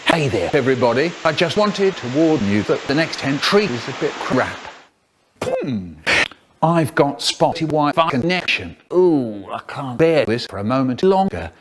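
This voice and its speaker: Animated older storyteller. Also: male voice, mid-range voice, normal speed, heavy background noise. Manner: animated, expressive, playful voices. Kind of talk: comic storytelling, cut up and remixed.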